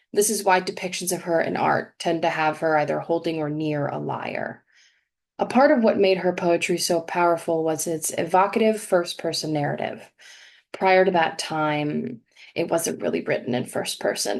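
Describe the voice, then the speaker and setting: A young adult woman giving a prepared talk at a congregation service, explaining things in a measured way and reading verse slowly with emphasis. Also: lowish voice, gravelly, a little mellow. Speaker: guest speaker at a congregation service. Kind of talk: prepared talk read aloud.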